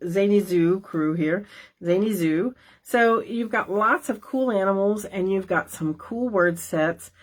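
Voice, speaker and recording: A middle-aged woman hosting a crafting class, talking casually and folksily with many fillers and asides. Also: mid-range voice. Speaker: stamping demonstrator hosting a class. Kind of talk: casual craft show-and-tell.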